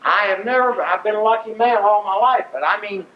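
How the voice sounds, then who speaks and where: An older man from Ohio, a veteran, telling his wartime story in a vivid, animated storytelling manner. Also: sits high, a little fast, a little hiss or hum. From Ohio, USA. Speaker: veteran speaker. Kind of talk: storytelling talk. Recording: roomy dull lo-fi recording.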